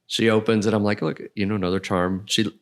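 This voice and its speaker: A man's voice: on the low side, level tone, quick pace. A man hosting a podcast, telling a story in casual chat and laughing as he goes. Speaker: podcast host.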